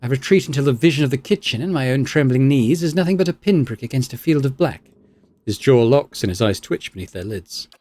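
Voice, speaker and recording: A man's voice: medium pitch, animated, brisk, a little mellow. A man hosting a let's play, reading the game's text aloud with wry asides and some hesitations. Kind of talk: reading game text and commenting.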